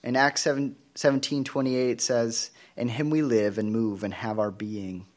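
A man preaching a sermon in an earnest, measured way, asking the congregation rhetorical questions. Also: medium pitch, fairly even intonation, a little mellow.

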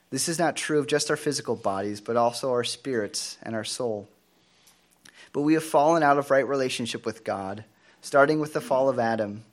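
His sermon is steady and sincere, delivered by a man with a medium-pitched voice. Rhetorical questions to the congregation run through his preaching.

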